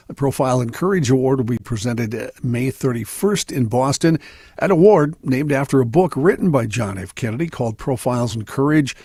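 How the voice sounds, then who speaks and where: Husky-voiced male radio news reader. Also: medium pitch, no room sound, clean studio sound. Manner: steady, measured news delivery. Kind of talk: reading news items on talk radio.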